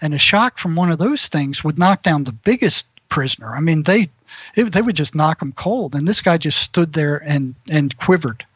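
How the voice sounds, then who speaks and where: A man's voice: on the high side, animated, moderate pace, fairly bright tone, breathy edge, dry recording, highs cut off. A man, a mental health practitioner, telling rambling prison anecdotes as an interview guest. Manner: rambling storyteller who acts out quoted voices.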